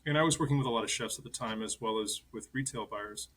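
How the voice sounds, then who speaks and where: A man in his fifties, a chef interviewed as a guest, telling animated stories and chuckling as he goes. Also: medium pitch, fast, slight background noise, rough recording. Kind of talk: conversational interview storytelling.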